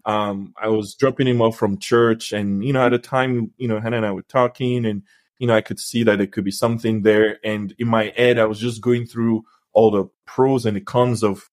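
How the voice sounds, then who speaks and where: A young man co-hosting a casual podcast chat, telling stories in an animated, playful way. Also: lowish voice, moderate pace. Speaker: podcast co-host.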